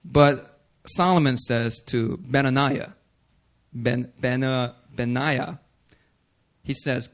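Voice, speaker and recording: A male pastor preaching a sermon, animated and casual, slipping into slang and acting out the characters in the passages. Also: slow pace, long pauses. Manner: animated, acts out scripture voices with big pitch swings.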